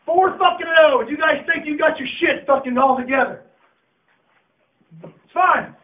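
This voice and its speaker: A man coaching a high school team, shouting and swearing as he berates his players in a locker room. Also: moderate pace. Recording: echoey, distant, tinny phone-like audio.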